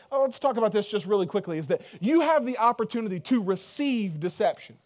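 Man, pastor, sermon, high voice, conversational, joking, filler-heavy. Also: darkish tone.

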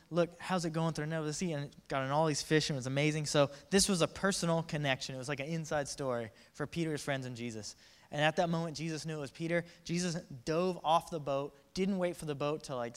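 A man preaching a casual, joking sermon, acting out the quotes in voices. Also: on the high side. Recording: reverberant hall.

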